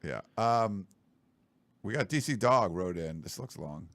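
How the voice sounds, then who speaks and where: Gravelly male sports podcast co-host. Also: on the low side, lively intonation, a little slow, a bit bright, dry recording. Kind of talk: casual sports chat.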